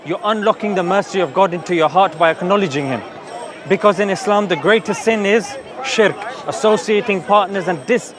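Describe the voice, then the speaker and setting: Standing outdoors in a public park, a street preacher makes an earnest, persuasive case for his faith in open-air debate, tossing in a quick "yeah?" again and again. For a man his voice sits high, and the murmur of a crowd surrounds him.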